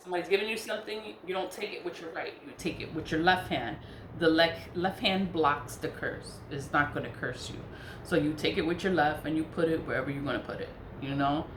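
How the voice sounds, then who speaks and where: A woman with a low-set voice talks in a blunt, casual monologue, swearing freely and saying things twice to hammer them home. The recording is echoey, as if in a bare room, with a faint hiss of background noise behind her. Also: fairly quick. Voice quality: profane, blunt, repeats herself for emphasis. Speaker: spiritual practitioner telling a personal story.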